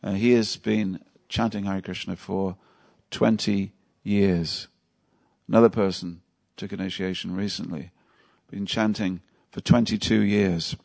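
A man's voice: low voice, fairly even intonation, measured pace, creaky, a little mellow. A man giving a devotional class at a temple, telling stories in a conversational way and asking his listeners questions. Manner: storytelling, conversational, asks the audience questions. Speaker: temple lecturer.

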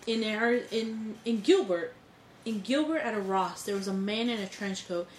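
A woman co-hosting a casual podcast chat, telling stories in an animated, indignant way with some swearing. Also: mid-range voice, moderate pace, reverberant, a little hiss or hum. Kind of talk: casual conversation.

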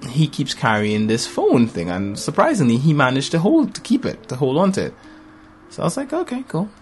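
A man in his thirties telling a story about his kids in casual conversation. His voice sits in a middle pitch and jumps high when he acts out other people. Soft guitar plays behind him.

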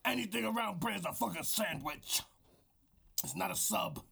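A man's voice: high-pitched, animated, normal speed, creaky, pushed and bright, slightly rough. A man co-hosting a comedy podcast, talking in a growling put-on wrestler voice with boastful, profane trash talk. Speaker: podcast co-host.

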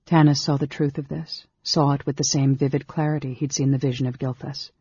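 A man reading a fantasy novel aloud as audiobook narrator, in a steady, measured way. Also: mid-range voice, breathy edge, no echo. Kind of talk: scripted narration. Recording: dull lo-fi recording.

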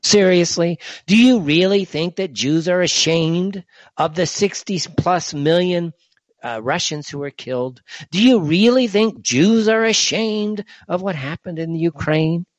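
A man's voice: sits high, lively intonation, a little slow, no echo. A man hosting a solo commentary show, delivering an indignant rant with a stream of rhetorical questions. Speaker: show host. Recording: dull lo-fi, dry.

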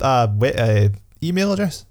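A man's voice: medium pitch, big pitch swings, moderate pace, a little mellow. A man with a Scottish accent co-hosting a casual podcast, joking, laughing easily and rambling. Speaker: podcast co-host.

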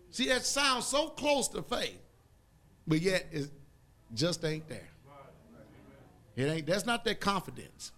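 A man preaching a sermon in a folksy, emphatic way, drawing call-and-response from the congregation and rising to loud outbursts. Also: sits high.

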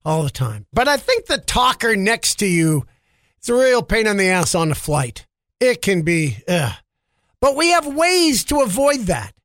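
A male podcast host with a very high, bright, forceful voice, cracking jokes through a comic monologue. He grumbles about pet peeves in a dry, close recording. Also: very animated, measured pace, dry recording.

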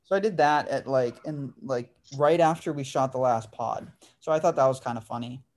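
A man's voice: mid-range voice, moderate pace, darkish tone. Laid-back young man telling stories. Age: 20s. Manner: laid-back storyteller, says "dude" and "like" often. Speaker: podcast host. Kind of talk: casual chat.

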